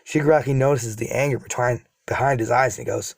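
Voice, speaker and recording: A man's voice: medium pitch, fairly even intonation, fast talker, few pauses, no echo. Guy rambling through a fan story for his channel, medium voice, dry close sound, jokes about himself. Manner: rambling, self-deprecating asides. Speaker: YouTube storyteller. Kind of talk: casual storytelling.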